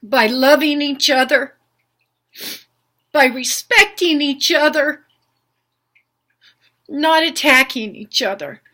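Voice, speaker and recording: Older lady talking from the heart, high bright voice, slow and pleading. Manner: earnest, pleading, repetitive rhetorical questions. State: emotional. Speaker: spiritual healer vlogger. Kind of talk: unscripted heartfelt monologue.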